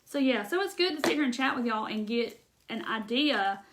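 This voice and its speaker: Woman, fairly high voice, chatty live-stream crafter, rambling with ums. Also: lively intonation, moderate pace, background noise. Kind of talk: casual live-stream chat answering comments.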